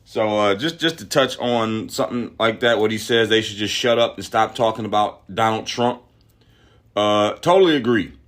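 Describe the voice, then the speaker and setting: A man's voice: fairly low pitch, steady tone, moderate pace, few pauses, a bit bright. Ranting, profane male podcast host. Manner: profane, ranting, stumbles and repeats words. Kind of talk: opinionated political commentary.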